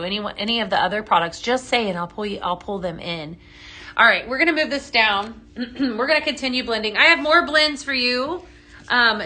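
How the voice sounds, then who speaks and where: A woman hosting a live product demo, talking chatty and upbeat and ending lines with quick "okay?" and "right?" checks. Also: fairly high pitch, sharp tone. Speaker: live shopping host.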